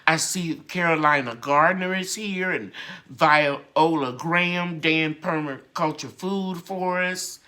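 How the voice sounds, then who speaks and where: Woman, live-stream host, slow delivery, bright tone, grateful, encouraging. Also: on the low side. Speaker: gardening channel host.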